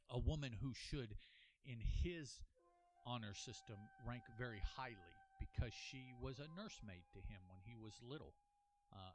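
A man's voice: lowish voice, darkish tone, slight background noise. A man hosting a casual solo comic review, thinking aloud with many restarts and an earnest, apologetic manner. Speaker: podcast host reviewing a comic.

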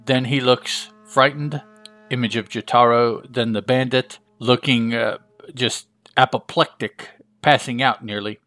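A man's voice: medium pitch, fairly even intonation, measured pace, a bit bright, no echo. A man casually narrating a comic book page by page, chatty and full of asides. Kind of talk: casual comic read-through.

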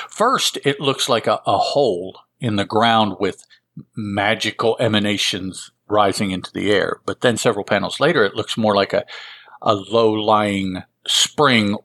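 A man's voice: fairly low pitch, a bit bright, no echo. A man hosting a casual comic book review, rambling and correcting himself as he goes. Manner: rambling, with fillers and self-corrections. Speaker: host.

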